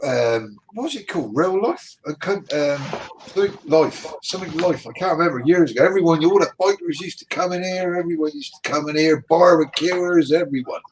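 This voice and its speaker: A man's voice: a little high, brisk, a little hiss or hum, poor audio. A man hosting a casual livestream chat, talking loosely and laughing, calling people mate. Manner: chatty, laughing, says mate. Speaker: livestream host.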